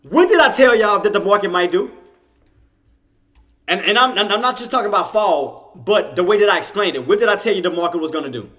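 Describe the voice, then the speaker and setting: A man's voice: high-pitched, fairly quick. A man hosting a live trading stream, chatting casually with viewers and bragging that his market call came true. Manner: animated, bragging, laughs often, talks to chat. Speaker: trading livestream host.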